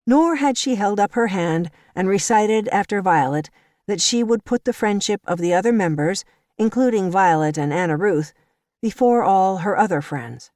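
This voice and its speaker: A woman reading an audiobook aloud with expressive, storytelling delivery. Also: medium pitch, no room sound, clean studio sound. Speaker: audiobook narrator. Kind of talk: scripted narration.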